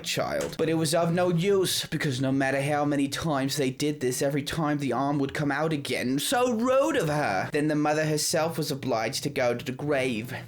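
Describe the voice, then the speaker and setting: A man's voice: a little high, natural voice. A man voicing a frazzled, sarcastic single mother in a comedic game playthrough, melodramatic and swinging between mutters and shrieks. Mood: mock storytelling. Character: frazzled sassy single mother, tired, boozy, camp. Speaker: gaming video host. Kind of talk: comedic let's-play role-play.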